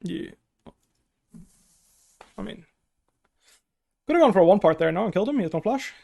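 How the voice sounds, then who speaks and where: A young man coaching a player through a replay review, blunt and casual, his voice hoarse from hours of talking. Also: sits high, expressive, normal speed, warm tone. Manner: blunt, casual, heavy swearing. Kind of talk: livestreamed gameplay review coaching.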